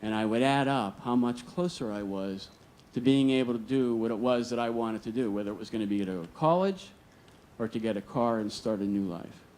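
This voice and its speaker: A man's voice: mid-range voice, a little fast, darkish tone, slight background noise. Earnest male storyteller on stage. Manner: earnest, vivid retelling with acted dialogue. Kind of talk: live personal storytelling. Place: stage at a museum storytelling event.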